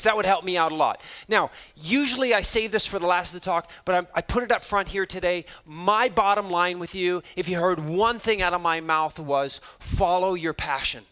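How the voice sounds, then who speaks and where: A motivational speaker addressing a hall of students, a man with a high, light voice. He tells his stories in an animated way and plays out every line of dialogue, poking fun at himself as he goes. His tone stays bright and ringing. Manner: animated, acts out dialogue, self-deprecating humor. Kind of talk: storytelling keynote talk to students.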